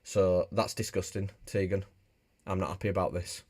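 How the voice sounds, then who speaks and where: Chatty Yorkshire man, low and dry. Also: level tone, moderate pace, a little mellow, dry recording. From Bradford, England. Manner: chatty and jokey, reads viewer comments aloud. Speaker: motorbike streamer. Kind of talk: casual live-stream chat.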